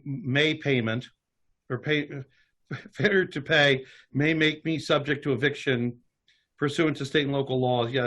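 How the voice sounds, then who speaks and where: Host type, man, conversational webinar delivery, slightly high voice. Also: fairly bright tone. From Kentucky. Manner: reads legal text aloud with asides. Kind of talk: casual webinar talk.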